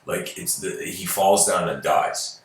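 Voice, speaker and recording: A man's voice: low voice, measured pace. A man giving a lecture, telling a story casually with many fillers and chuckles. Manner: loose and rambling, heavy on fillers, chuckles. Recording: roomy, from a distant mic.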